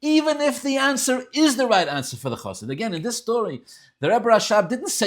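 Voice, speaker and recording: A man with an Ashkenazi yeshiva-style accent teaching a Tanya class, telling stories and swinging between soft asides and loud, emphatic stretches. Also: very high-pitched, very animated, fairly quick. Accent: Orthodox Jewish English with Ashkenazi Hebrew and Yiddish terms. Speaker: Torah teacher.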